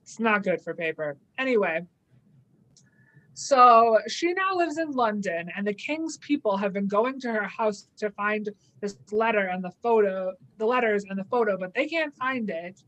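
A woman's voice: mid-range voice, animated, normal speed, fairly bright tone, low-quality recording. A young adult woman in casual chat, animatedly recapping an episode and slipping into playful quoted asides. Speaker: podcast co-host.

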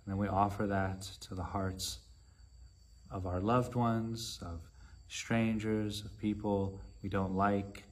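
Slow, low-voiced man giving a dharma talk. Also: little pitch movement. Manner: measured and unhurried, with long pauses. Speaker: meditation teacher.

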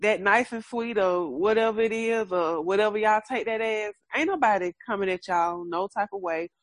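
Frank, animated woman with a lilt. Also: mid-range voice, normal speed, no echo. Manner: frank, animated, laughs often, swears freely. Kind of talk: casual chat.

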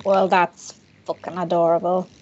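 A woman's voice: on the low side, flat delivery, normal speed, background noise. Dry, teasing woman at a game table. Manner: dry, teasing, mock-stern. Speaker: player. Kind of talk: casual in-character tabletop play. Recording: dull lo-fi sound.

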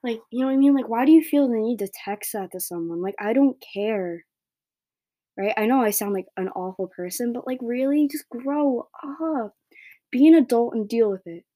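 Teen girl podcaster, blunt rambling rant, warm voice, dry close sound. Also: a little high, lively intonation, fairly quick, dry recording. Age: teens. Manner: blunt, rambling, heavy filler words. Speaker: podcast host. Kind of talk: solo opinion rant.

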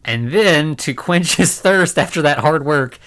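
A man's voice: on the high side, animated, a little slow, a bit bright. A young adult man co-hosting a podcast, retelling a film's scenes in casual chat and laughing often. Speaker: podcast co-host. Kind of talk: casual film-recap chat.

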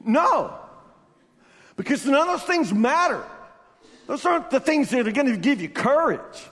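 Guy preaching a sermon, high voice, keeps going "but, but, but", lots of reverb. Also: very animated, measured pace, fairly bright tone. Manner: emphatic, with repeated restarts. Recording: long reverb of a large hall.

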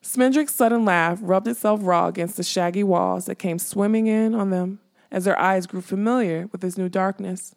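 A woman narrating a fantasy audiobook with steady storytelling. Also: medium pitch, moderate pace, vocal fry. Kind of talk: scripted narration.

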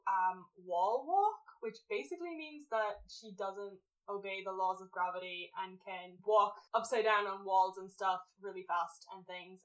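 A woman in casual chat, retelling a story in a rambling, animated way and acting out quotes. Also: mid-range voice, recorded from a distance, low-quality recording. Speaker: podcast co-host summarizing a book series.

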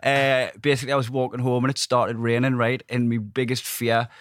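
Man, comic, sweary animated yarn-spinner, dry close sound. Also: mid-range voice, brisk, no room sound. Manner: sweary, animated storyteller, laughs often. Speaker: comedian and podcast co-host. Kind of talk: casual podcast chat.

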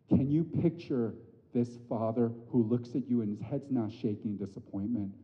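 A man in his thirties preaching a sermon, animated, rising to loud emphatic peaks and dropping to soft, hushed lines. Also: mid-range voice. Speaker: pastor. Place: church sanctuary. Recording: dull audio with long hall reverb.

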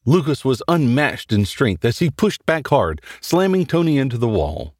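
A man hosting and narrating a horror story in a dramatic, animated reading. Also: medium pitch, normal speed, no room sound, clean studio sound. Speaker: host and narrator.

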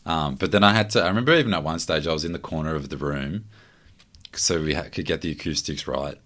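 Man with an extremely deep voice. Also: fast talker, fairly bright tone. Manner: joking, laughs often. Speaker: podcast guest. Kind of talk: casual chat. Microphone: podcast microphone.

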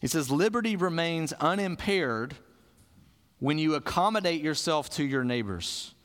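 High-voiced pastor in a reverberant hall. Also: male voice, lively intonation, unhurried, a bit bright. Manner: conversational preaching, asks and answers questions. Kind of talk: sermon.

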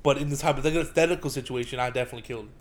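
A man's voice: mid-range voice, very fast, crowd noise. Crude, rambling young man telling stories. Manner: rambling, crude, animated storytelling. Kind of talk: casual chat.

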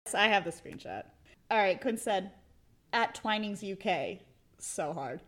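A woman co-hosting a podcast in casual chat, animated and giggly, reading messages aloud with playful emphasis. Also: mid-range voice, measured pace. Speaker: podcast co-host.

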